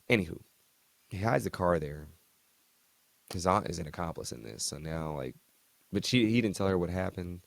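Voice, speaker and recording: A man's voice: low voice, vocal fry, no room sound. A man hosting a TV recap channel, chatting casually through the episode with slangy, joking asides. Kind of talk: casual recap and reaction commentary.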